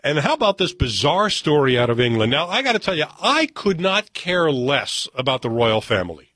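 A man hosts a radio talk show, his voice pitched a little high and recorded dry and close. He chats in a wry, conversational way and reads news stories aloud. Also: big pitch swings, brisk, fairly bright tone, no echo. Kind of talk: casual radio chat.

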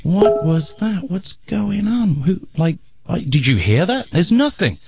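A man's voice: sits high, big pitch swings, a little slow, vocal fry, over loud music, pitched above the performer's own voice, exaggerated voice. A man voicing a blustering, exasperated male gang leader, with a dull lo-fi radio sound.

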